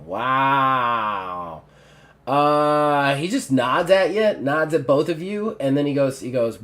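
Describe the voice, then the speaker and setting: A man's voice: mid-range voice, expressive, slow, fairly bright tone. A man narrating a tabletop game as its game master. He rambles, fills gaps with "uh" and "like," and corrects himself mid-sentence, with a voice in the middle range for a man. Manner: rambling, filler-heavy, self-correcting.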